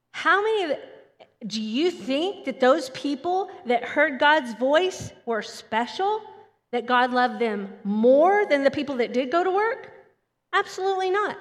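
A woman delivers a Sunday sermon in a high, bright-pitched voice, animated and quick to slip into the voices of children. Her words ring out with a long reverb, as if she is speaking in a large hall. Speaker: preacher. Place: church hall.

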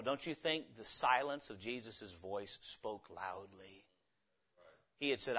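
A man preaching a revival sermon, emphatic, acting out dialogue with sudden swings between loud and hushed. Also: fairly low pitch, takes it slowly, slightly rough, highs cut off.

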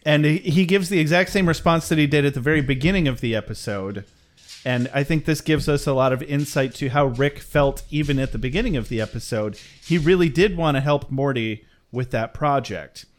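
A man's voice: a little high, a little fast. A man co-hosting a casual podcast, recapping a cartoon episode in a rambling way, swearing and laughing often. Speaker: podcast co-host.

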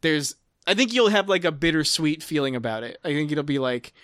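A man in his thirties with a fairly high voice rambles through casual podcast chat, full of restarts, fillers and the odd swear. The mic is close and the sound is dry, with no room echo. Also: expressive, fairly quick, fairly bright tone, clean tone. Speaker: podcast co-host.

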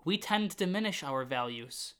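A man with a high, bright voice hosts a motivational podcast. He talks earnestly and builds himself up with repeated phrases. At times he turns loud and fired up. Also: animated, moderate pace, smooth. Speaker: podcast host.

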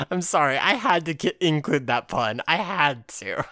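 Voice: medium pitch, animated, a little slow, sharp tone, no room sound. A podcast co-host retelling an episode in casual chat, laughing easily and swearing freely. The voice swings widely up and down as they act out the characters' lines. The sound is close and dry, with no room in it.

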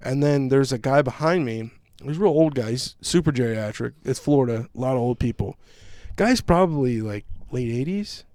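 A male podcast host telling a story in casual chat, with a profane, animated ranting manner. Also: medium pitch, moderate pace, no echo.

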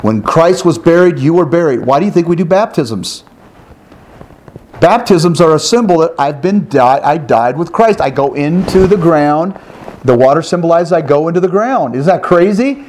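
A man teaching the Bible one-on-one in an animated way, with exclamations, rhetorical questions and repeated phrases. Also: a little high, normal speed, slight background noise. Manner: animated, with exclamations and sound effects.

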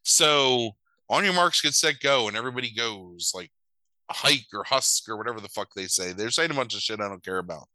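A man hosting a podcast who recaps a movie in a sarcastic, profane, animated way. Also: fairly low pitch, fairly quick, dry recording, rough recording.

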